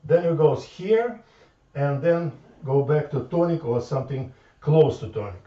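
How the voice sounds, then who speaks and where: A man giving an informal math lecture, halting and repeating words as he thinks aloud at the board. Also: a little high. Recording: echoey room from far off, dull lo-fi sound.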